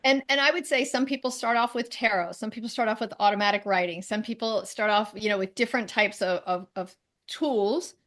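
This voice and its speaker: A woman being interviewed as a spiritual teacher, talking in a chatty, animated way and laughing often. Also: medium pitch, brisk. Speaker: guest, medical intuitive and spiritual teacher. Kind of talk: conversational interview.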